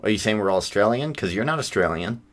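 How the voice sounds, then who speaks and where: A man giving excitable, sarcastic commentary over a basketball video game, yelping at big plays. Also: fairly low pitch, fast talker. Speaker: gaming channel host. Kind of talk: gameplay commentary.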